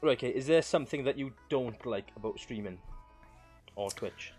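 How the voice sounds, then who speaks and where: A man's voice: mid-range voice, moderate pace, a little mellow, faint music behind. A young man hosting a casual podcast, joking around and leaning on "right, okay" fillers. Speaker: podcast host.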